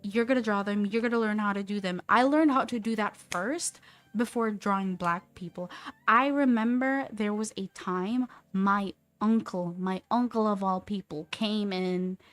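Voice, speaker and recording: A young woman in her twenties chatting casually on a live stream while she draws, rambling and animated with lots of "like". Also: medium pitch, moderate pace. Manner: rambling and animated, heavy use of "like". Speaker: streamer and artist.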